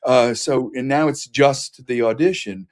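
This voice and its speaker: An older man, a casting director, hosting a podcast interview, speaking in a measured and reflective way with some hesitations. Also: mid-range voice. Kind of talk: conversational interview.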